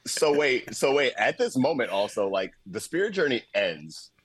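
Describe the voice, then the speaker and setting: A man's voice: medium pitch, normal speed, dry recording. Guy on a podcast recapping a movie, swears a lot, laughs, does the lines, dry sound. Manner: animated, laughing, profane, mimics movie dialogue. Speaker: podcast co-host. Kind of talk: casual movie-review chat.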